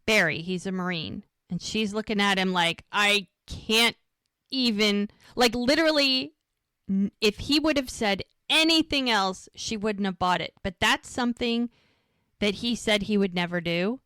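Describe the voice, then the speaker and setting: A woman's voice: mid-range voice, normal speed, a bit bright, smooth, no room sound, studio quality. A woman co-hosting a casual rewatch podcast, recapping episode scenes and acting out the dialogue. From United States. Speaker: podcast co-host.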